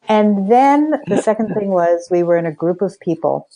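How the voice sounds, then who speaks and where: A woman's voice: mid-range voice, brisk, rough recording. An older woman, a guest on a podcast, telling a personal story with energy and acting out the dialogue she quotes. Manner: animated storyteller who acts out quoted dialogue. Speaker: podcast guest, spiritual coach. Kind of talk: storytelling in a casual interview.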